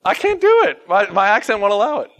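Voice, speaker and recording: A man's voice: sits high, huge pitch swings, quick pace, a bit bright. A man with a Southern US accent, teaching a casual Bible study, joking and laughing at himself between scripture readings.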